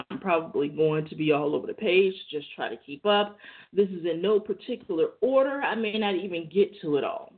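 A woman hosting a talk show, chatting casually and conversationally, laughing easily. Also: on the low side. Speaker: podcast host. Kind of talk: casual monologue. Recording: tinny phone-like audio.

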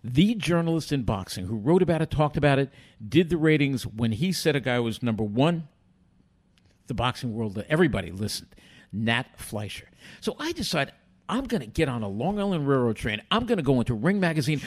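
An older man, a guest telling animated stories from his past and acting out other people's lines. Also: medium pitch, fairly quick. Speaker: interview guest. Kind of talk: storytelling in a podcast interview.

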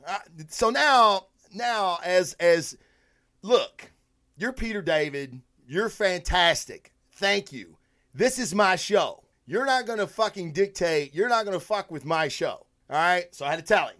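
Dude hosting his podcast, swearing a lot, all amped up, voice kinda on the higher side. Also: measured pace. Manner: profane, excitable, rambling. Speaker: podcast host. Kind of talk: casual storytelling monologue.

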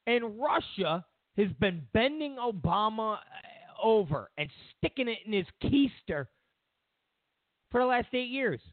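A man's voice: high voice, big pitch swings, a little slow, dry recording. A man hosting a talk show, delivering a sarcastic, mocking political rant. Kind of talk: political commentary monologue. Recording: tinny phone-like dry sound.

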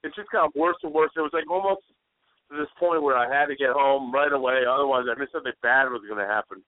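A man's voice: medium pitch, fast talker, dry recording. A man hosting a casual talk show, telling weary complaints about his bad day. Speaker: radio host. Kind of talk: casual podcast chat. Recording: thin phone-like dry sound.

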